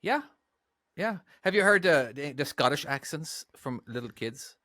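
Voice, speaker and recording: A man's voice: fairly high pitch, expressive, measured pace, sharp tone, no room sound, studio quality. An Irish man co-hosting a podcast in casual chat, rambling and repeating words as he starts his sentences. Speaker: podcast co-host.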